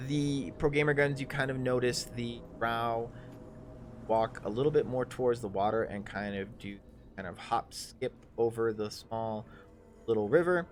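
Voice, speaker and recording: Male game master, casual stop-start narration, average pitch, faint background music. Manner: halting, loose narration full of fillers. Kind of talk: narrating a tabletop game on a livestream.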